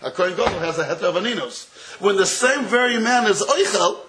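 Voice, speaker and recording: A man's voice: high voice, lively intonation, brisk, noisy background. A man giving a Talmudic lecture to a roomful of listeners, often chuckling and drawing out the phrases he quotes. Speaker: Torah teacher. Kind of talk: Talmudic lecture to a live audience. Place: room with listeners.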